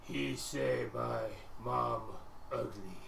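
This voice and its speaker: A man doing a slow, dim troll. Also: vocal fry, fairly bright tone, full character voice. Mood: dull. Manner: slow, low, broken grammar. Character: dim, brutish male troll in broken speech. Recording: echoey room, distant mic, faint noise.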